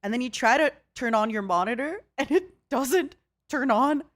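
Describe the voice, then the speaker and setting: A young woman hosting a casual chat on her stream, giggly and animated, laughing often. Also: sits high, normal speed. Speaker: VTuber host. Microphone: XLR microphone.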